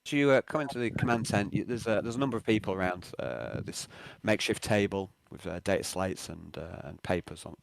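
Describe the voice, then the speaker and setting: A man narrating a tabletop role-playing game as game master, halting often with fillers and restarts. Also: fairly low pitch, gravelly, no room sound.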